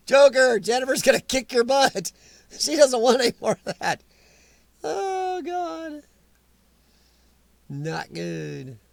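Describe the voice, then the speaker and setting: A middle-aged man chats casually as a livestream host. His voice sits high for a man and is recorded dry and close. He jokes, teases and answers commenters in a loose, rambling way. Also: sing-song, drawn-out words, creaky, long pauses, sharp tone, dry recording. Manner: joking, teasing, talks back to chat comments. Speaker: livestream host reading chat. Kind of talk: casual live chat.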